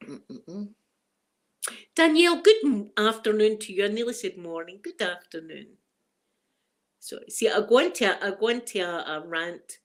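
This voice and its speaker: A middle-aged Scottish woman chatting casually on a live stream, emotional and quick to laugh, greeting viewers by name. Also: mid-range voice, lively intonation. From Scotland.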